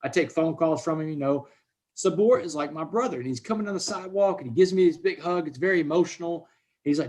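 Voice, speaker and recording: Man, 40s, fairly high voice, emphatic storyteller on a video call. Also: fast talker, darkish tone. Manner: emphatic, repeats words, addresses listeners as "man" and "y'all". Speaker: guest speaker. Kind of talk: conversational storytelling.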